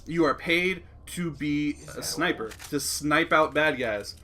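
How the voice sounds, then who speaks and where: A laid-back man with a bright, forceful tone and a somewhat high voice, trading casual game talk with a co-host. He hesitates and fills gaps as he searches for words. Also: slow pace. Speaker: let's play co-host. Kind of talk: casual gameplay commentary.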